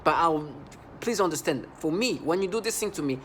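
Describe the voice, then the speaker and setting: A man's voice: high-pitched, animated, fast, slight background noise. Agitated man on a rambling rant. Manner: agitated, repetitive, stumbling restarts. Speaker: vlogger. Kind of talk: angry monologue to the camera.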